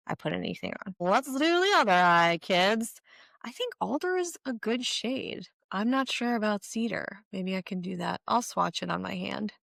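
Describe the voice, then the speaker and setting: A woman's voice: lowish voice, vocal fry, a bit bright, no room sound. A woman in her forties chatting candidly through a get-ready-with-me beauty vlog, full of frank asides. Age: 40s. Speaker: beauty vlogger. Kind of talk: casual get-ready-with-me chat.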